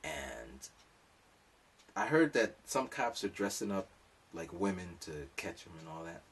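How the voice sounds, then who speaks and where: A man's voice: sits low, big pitch swings, a little slow, fairly bright tone, husky, recorded from a distance. A man telling a rambling, comic story in a casual monologue, full of asides. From lives in Japan.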